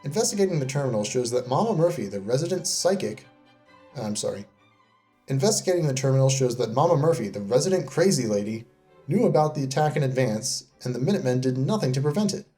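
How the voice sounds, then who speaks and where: A man's voice: mid-range voice, sing-song, quick pace, warm tone, soft background music. Wry, sarcastic man narrating. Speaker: video creator reviewing game companions. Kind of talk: comedic scripted narration.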